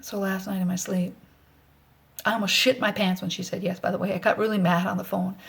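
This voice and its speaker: A middle-aged woman talking candidly in a personal vlog, rambling and blunt, swearing freely, anxious, and often dropping into a soft whisper. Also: mid-range voice, flat delivery, a little fast, creaky. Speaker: vlogger.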